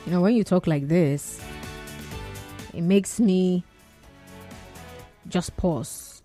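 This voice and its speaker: A woman's voice: lowish voice, slow, long pauses, darkish tone, faint music behind. A woman with a Nigerian accent hosting a call-in radio show, reading listener messages aloud and reacting to them in a chatty, teasing way. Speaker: radio talk show host.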